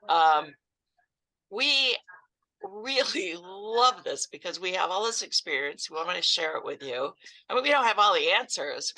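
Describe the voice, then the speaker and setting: A woman with a Northeastern US accent co-hosting a podcast chat, enthusiastic and quick to laugh. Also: lowish voice, rough recording. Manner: warm, enthusiastic, laughs easily. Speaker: podcast co-host.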